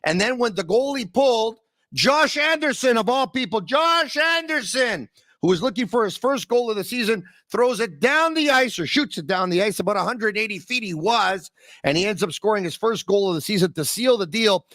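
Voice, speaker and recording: A man hosting a hockey podcast, talking with excitable energy and sudden swings in pitch. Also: fairly quick, dry recording, clean studio sound. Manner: excitable, sings and shouts bits, big pitch swings. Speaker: podcast host. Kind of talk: energetic sports talk.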